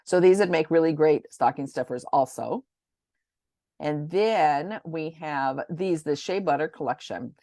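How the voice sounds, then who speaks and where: A woman's voice: low voice, a little slow, warm tone, no room sound, studio quality. A woman presenting products in a casual, rambling rundown. She talks chattily and often stumbles over names. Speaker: essential oil presenter.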